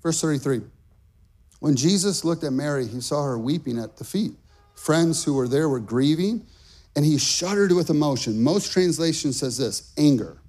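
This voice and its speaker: Middle-aged male preacher, high voice, passionate pulpit delivery. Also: lively intonation, normal speed. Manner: impassioned, emphatic preaching with rising shouts. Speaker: pastor. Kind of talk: sermon.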